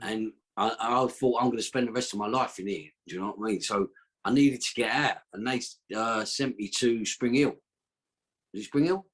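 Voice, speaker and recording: A man's voice: lowish voice, moderate pace. A man telling a long story as a podcast guest, rambling and slangy, with a streetwise way of talking. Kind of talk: casual storytelling.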